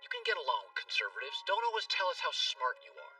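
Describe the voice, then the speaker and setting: A man in his fifties, an animated and emphatic radio show host, interviewing a guest. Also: medium pitch, fast, smooth, far from the mic, faint music behind, low-quality recording. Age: 50s.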